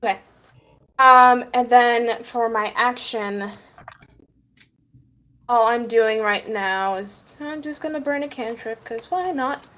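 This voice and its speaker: A woman's voice: on the high side, takes it slowly, pauses often, sharp tone, low-quality recording. Casual woman player with frequent ums. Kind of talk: casual tabletop play.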